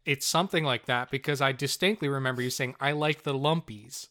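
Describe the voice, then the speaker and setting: A man co-hosting a casual podcast, telling an animated story with frequent laughter and free swearing. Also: mid-range voice, a little fast. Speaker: podcast co-host. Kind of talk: casual chat.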